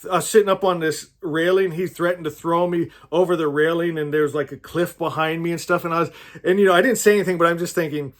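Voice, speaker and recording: High-voiced man preaching earnestly. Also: steady tone, quick pace. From California, USA. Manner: earnest, rambling, with frequent restarts and "right?" asides. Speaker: spiritual teacher. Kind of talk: informal sermon with personal stories.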